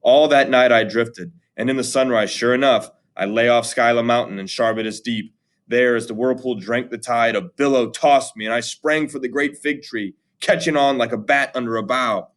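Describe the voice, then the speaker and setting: A man's voice: mid-range voice, normal speed. Man reading an epic poem aloud. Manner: plain steady reading, slangy when explaining. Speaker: reader and explainer of an epic poem. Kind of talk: reading aloud with casual explanation.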